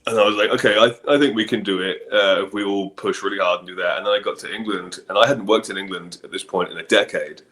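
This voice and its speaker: Middle-aged male director, very low voice, relaxed and reflective. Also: fast, few pauses. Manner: relaxed, thoughtful, many ums and you-knows. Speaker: film director guest. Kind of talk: casual interview chat.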